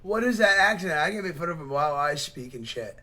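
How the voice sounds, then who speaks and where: A man hosting a reaction video, talking in a rambling, excitable way full of swearing and mocking asides. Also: fairly high pitch, a little fast. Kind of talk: casual profane reaction commentary.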